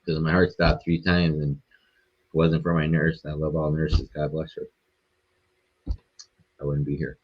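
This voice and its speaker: A man appearing as a podcast guest, telling a story in a rambling, profane, animated way. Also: rumbling low, measured pace, long pauses, husky, muffled recording. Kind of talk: casual storytelling.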